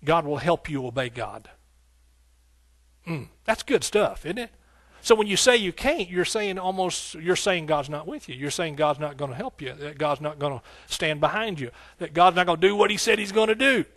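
A pastor with a slightly high voice delivers a sermon at a moderate pace, his intonation lively. He's fervent and rhythmic, repeating phrases, shouting hallelujah and speaking in a folksy way straight to the congregation. The sound is dry and close, with no room sound.

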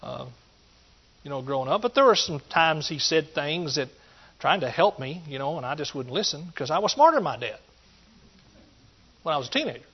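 A middle-aged man preaching a sermon. He talks in a folksy way, swings between loud emphatic points and quiet asides, and calls out to his listeners. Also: a little high, very animated, fairly quick, long pauses, breathy edge. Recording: dull lo-fi recording.

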